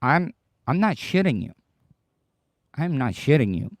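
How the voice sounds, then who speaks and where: Slow-talking man with a strained voice. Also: a little high, no room sound. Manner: excitable, swears casually. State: strained, tired voice. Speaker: podcast host. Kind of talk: rambling livestream chat.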